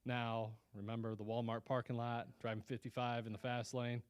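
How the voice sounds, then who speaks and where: Guy telling his faith story at a lunch meeting, earnest and chatty, restarts a lot, middle-pitched voice. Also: flat delivery, moderate pace, smooth. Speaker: guest speaker at a Christian business lunch. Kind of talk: personal testimony talk.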